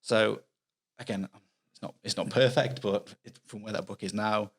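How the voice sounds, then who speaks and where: A middle-aged Manchester man with a Mancunian accent speaks as a guest author on a casual podcast, his lowish voice fairly even in intonation at a moderate pace. He's chatty and earnest, explaining things at length and often restarting his sentences.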